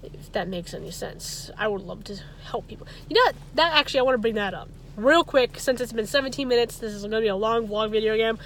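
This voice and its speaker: Woman vlogger rambling to camera, kinda high voice, trips over words, gets worked up. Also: fast, slight background noise. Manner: rambling, stumbles and restarts words. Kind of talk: casual chat to camera.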